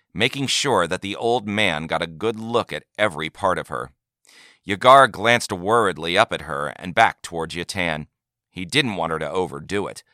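Male narrator, deep, lively, dry booth sound. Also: dry recording. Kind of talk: reading a sci-fi story aloud.

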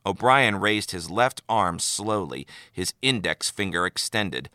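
A man narrating a story aloud in an expressive, animated way. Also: low voice, unhurried, no echo, clean studio sound. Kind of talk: audiobook narration of fan fiction.

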